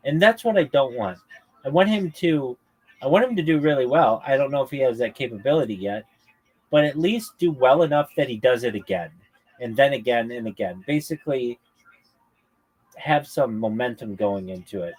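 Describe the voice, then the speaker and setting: A man's voice: medium pitch, lively intonation, moderate pace, husky. A man hosting a livestream, chatting casually about stand-up comedy, rambling with many fillers and acting out crude comebacks. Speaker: livestream host.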